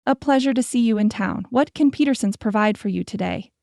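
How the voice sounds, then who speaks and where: A woman's voice: fairly high pitch, brisk, creaky, darkish tone, dry recording, studio quality. Woman voicing a curt, wary male shopkeeper. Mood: cool. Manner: curt and cool. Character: wary thin middle-aged male shopkeeper.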